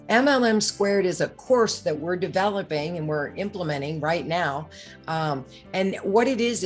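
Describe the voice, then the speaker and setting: A woman hosting an interview for her course, asking questions and affirming the answers in a friendly way. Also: fairly low pitch. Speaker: interview host and course creator.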